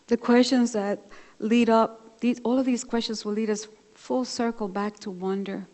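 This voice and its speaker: In a church sanctuary, a woman minister preaches a sermon in a slightly high voice at a normal pace. She warmly tells a personal story, growing animated as she acts out both sides of a phone call. The livestream carries a long reverb.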